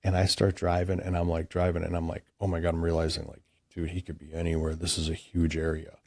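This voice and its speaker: A man's voice: deep voice, completely flat delivery, quick pace, creaky, darkish tone, dry recording, clean studio sound. A man from Chicago, a podcast guest, telling a long story in a loose, rambling way, full of "like" and "dude". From Chicago, USA. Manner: rambling, heavy use of "like" and "dude". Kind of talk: casual storytelling.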